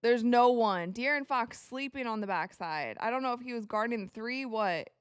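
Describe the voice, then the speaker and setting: A young woman hosting a live basketball watch party, calling plays excitedly and talking to her viewers. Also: a little high, moderate pace, smooth, dry recording, studio quality. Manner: excitable, reacts loudly to plays, talks to viewers as you guys. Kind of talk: live game commentary to chat.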